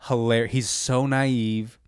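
A man's voice: mid-range voice, level tone, slow, smooth, no room sound, studio quality. A man chatting casually about a TV show, laid-back, saying "dude" and "man" and swearing freely. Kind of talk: casual chat.

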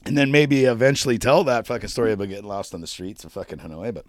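A man's voice: lowish voice, fast talker, no room sound. A man co-hosting a casual podcast, telling a rowdy travel story with lots of swearing and acted-out voices. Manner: profane, animated storyteller acting out voices. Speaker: podcast co-host.

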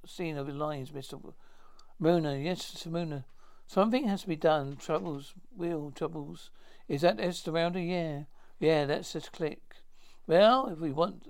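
A man as a brisk 1950s TV drama character. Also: on the high side, natural voice.

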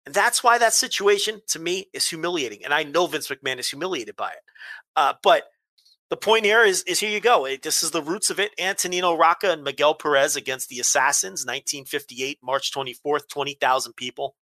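A man's voice: a little high, brisk, pushed and bright, no room sound. A man co-hosting a casual chat, ranting heatedly with profanity and emphatic repeats. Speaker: podcast co-host.

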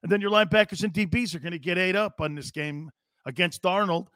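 A man's voice: high voice, quick pace, bright, forceful tone, no room sound, clean studio sound. A man hosting a live football talk show, blunt and sarcastic, mocking coach-speak and swearing casually. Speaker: sports talk show host. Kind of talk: live sports talk monologue.

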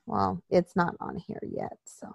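A woman's voice: lowish voice, wildly swooping pitch, measured pace, creaky, no echo. A woman co-hosting a casual wrestling chat, profane and mocking, talking close to a dry mic.

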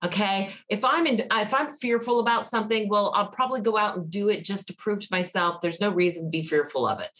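A woman's voice: medium pitch, brisk, few pauses, a bit bright. A woman from Georgia with a Southern accent, a podcast guest chatting casually and telling stories with frequent laughs. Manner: chatty storyteller, laughs often. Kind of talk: casual interview chat.

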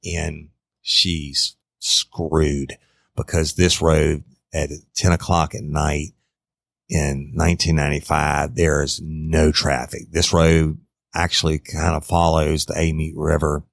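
A man's voice: extremely low pitch, level tone, slow pace, vocal fry, dry recording, clean studio sound. A man telling a true crime story in a casual, conversational way, talking straight to his listeners. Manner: conversational, addresses listeners directly, acts out quotes.

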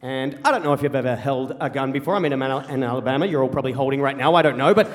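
An Australian man from rural South Australia telling a comic personal story live on stage, animated and quick with repeated phrases. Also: medium pitch. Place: theater stage before a live audience. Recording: long hall reverb from a live venue.

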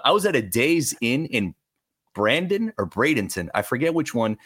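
Animated man telling wild stories. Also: mid-range voice, moderate pace, husky. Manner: animated, self-mocking, restarts phrases. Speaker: podcast guest. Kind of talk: casual storytelling. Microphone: remote call.

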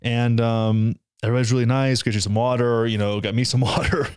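A man's voice: medium pitch, flat delivery, a little fast, darkish tone, clean tone, no echo, clean studio sound. Young man recounting an emotional story. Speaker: new father. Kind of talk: casual conversation.

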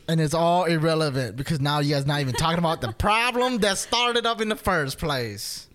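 A man's voice: sits high, fairly quick, hardly any pauses, a bit bright. A man on a casual podcast, telling an argument as a story, acting out both sides and laughing often. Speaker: podcast co-host. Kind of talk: casual chat.

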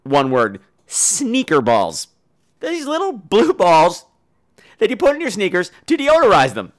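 A young man hosts a podcast with a profane, sarcastic comedic monologue, ranting about everyday annoyances and slipping into silly put-on voices. His voice is high-pitched with huge pitch swings, at a moderate pace.

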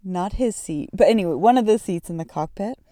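A woman's voice: medium pitch, brisk, dark tone, dry recording, studio quality. A woman, hosting a podcast and telling a personal story in a reflective way, often searching for words. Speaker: podcast host.

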